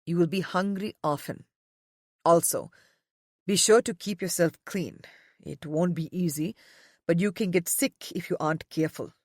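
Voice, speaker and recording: A woman voicing a stern, commanding man who speaks slowly and gives curt orders in an audiobook. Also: lowish voice, a little mellow, no echo, studio quality, voice pushed down, natural voice. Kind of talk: audiobook character voice.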